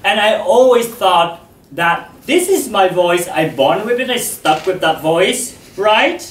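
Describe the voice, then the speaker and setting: A man giving a public talk to an audience about voice, speaking in a slow, measured, expressive way. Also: high voice, a little hiss or hum. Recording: echoey hall, distant mic.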